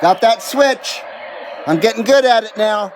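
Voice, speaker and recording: A man in his fifties hosts a casual CB radio live stream from his home radio room, laid-back and jokey as he reads viewer comments and calls out on air. His voice sits fairly high for a man. A faint hiss runs under the recording. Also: expressive, measured pace. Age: 50s. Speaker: CB radio livestream host.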